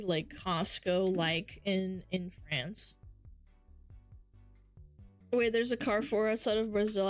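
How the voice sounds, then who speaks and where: A young adult woman streaming, telling stories in casual chat with lots of swearing and an animated, chatty way of talking. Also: mid-range voice. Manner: profane, animated storytelling.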